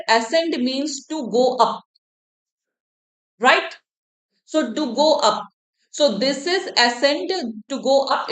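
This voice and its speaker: A woman's voice: sits high, fairly bright tone, echoey room. A woman with an Indian accent teaching English in an exam-prep class, switching between English and Hindi and often checking in with the students.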